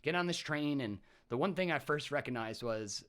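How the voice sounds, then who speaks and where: A young man from Massachusetts, a former soldier telling stories in a casual podcast chat, lively and acting out the voices of people he quotes. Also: a little high, normal speed. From Massachusetts, USA. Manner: animated storyteller, acts out quoted voices.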